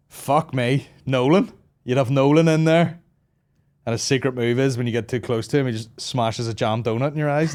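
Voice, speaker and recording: Hosting a comedy podcast, a Northern Irish man in his thirties talks in a medium-pitched, slightly mellow voice with his native accent. He keeps the chat loose, rambling and profane, laughing between riffs.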